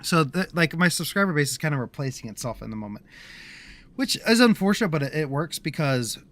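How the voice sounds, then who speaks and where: A man's voice: fairly high pitch, very animated, fairly quick, fairly bright tone. A man livestreaming a game and chatting to his viewers in a rambling, casual way, restarting his sentences often. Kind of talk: casual gameplay commentary.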